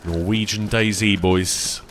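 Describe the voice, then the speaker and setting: A man chatting casually while streaming a survival game, tired and rambling, easily excited by small finds. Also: fairly low pitch, takes it slowly, a little hiss or hum. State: tired, yawning. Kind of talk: casual live-stream commentary.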